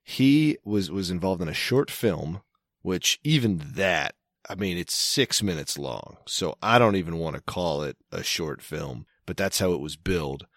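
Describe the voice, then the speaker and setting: A man on a podcast rambles in a wry, casual way, stopping and restarting his sentences. His voice sits a little low. It sounds dry and close to the mic. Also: lively intonation, unhurried, a bit bright, dry recording. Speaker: podcast co-host. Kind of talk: casual chat.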